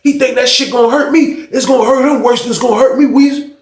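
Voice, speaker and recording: A man voicing a stubborn, defiant older male inmate with a gruff, muttering delivery. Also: very high-pitched, fairly even intonation, fast, reverberant, pitched above the performer's own voice.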